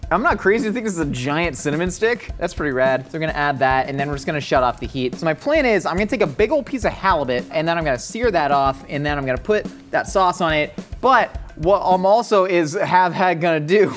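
A man's voice: a little high, expressive, quick pace, faint music behind. A young man from Southern California with a Southern Californian accent, hosting a cooking show in a jokey, rambling, self-mocking way. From Orange County, California. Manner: goofy, rambling, self-mocking, laughs at his own puns. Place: studio kitchen.

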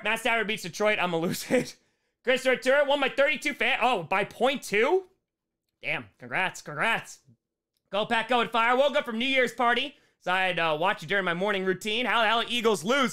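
Bright-voiced excitable sports streamer man. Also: high voice, brisk, clear, resonant tone. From United States. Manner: excitable, bursts into shouting at big plays. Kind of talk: live play-by-play and chat reading.

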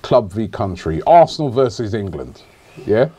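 A man's voice: lowish voice, big pitch swings, normal speed, warm tone, slightly rough. A man hosting a casual podcast chat, teasing his guest, laughing and repeating points to needle him. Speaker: podcast host.

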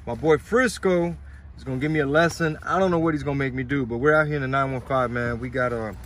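A man's voice: medium pitch, fast talker, a bit bright. A man with a Texan accent, a touring comedian chatting casually in a slangy, laid-back way. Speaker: comedian on tour. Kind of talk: casual vlog chat.

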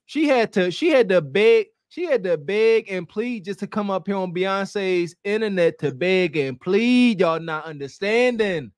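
A man co-hosting a reaction podcast in a loose, slangy style, often slipping into mimicry of the callers. His pitch swings widely, and the sound is dry and close-miked. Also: expressive, a little slow, hardly any pauses, no echo. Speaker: podcast co-host. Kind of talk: casual reaction commentary.

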